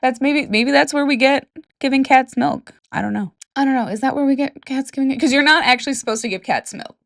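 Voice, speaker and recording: This podcast host's voice sits high and is gravelly yet fairly bright, moving a little fast. The sound is studio quality with no echo. She's a young Michigan woman with the local accent, talking casually and alone about folklore from her bedroom, joking around and whispering asides.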